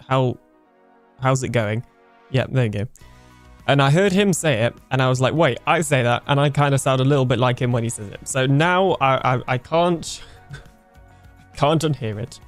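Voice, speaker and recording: A young British man with a mid-range voice chats casually on a live game stream, reading viewer comments aloud, laughing often, and trailing off mid-sentence.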